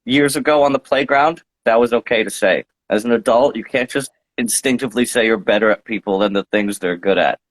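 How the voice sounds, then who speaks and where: A man's voice: medium pitch, a little fast, hardly any pauses, natural voice, rough recording. A man voicing the blunt, lecturing inner librarian of his own brain, with a put-on Scottish-Irish lilt. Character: scolding inner librarian of a man's brain, old-fashioned, blunt.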